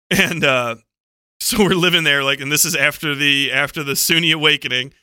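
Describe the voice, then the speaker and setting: A man telling a loose, profane story on a podcast, his voice very bright and crisp, slightly above the usual male pitch. He rambles through digressions, restarts and frequent laughter. The sound is close and dry. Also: dry recording. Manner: heavy use of "like" and self-corrections. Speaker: book club podcast panelist. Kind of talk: casual rambling anecdote.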